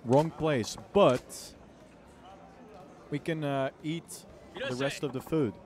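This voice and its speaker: A Dutch-speaking man chats casually while streaming a game, goofy and poking fun at himself, now and then humming. His voice is fairly high but steady, slow, with a darkish tone. Game music plays in the background.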